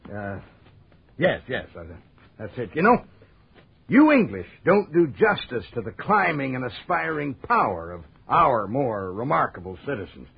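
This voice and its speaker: An actor playing a boastful, chuckling prison governor in a 1940s radio drama, heard over a tinny old broadcast. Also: male voice, mid-range voice, sing-song, measured pace, gravelly, slightly rough, heavily acted. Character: boastful American prison governor, middle-aged man.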